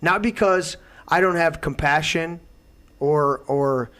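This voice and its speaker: A man hosting a talk show, delivering a heated, profane political rant that swings into loud outbursts. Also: fairly high pitch, takes it slowly. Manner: profane, emphatic, swings to shouting. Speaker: show host.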